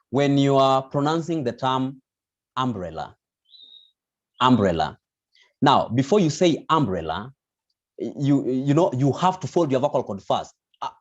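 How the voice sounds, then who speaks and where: A man teaching an online vocal lesson, explaining patiently with many restarts. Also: medium pitch. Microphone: video call. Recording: dull lo-fi video call audio.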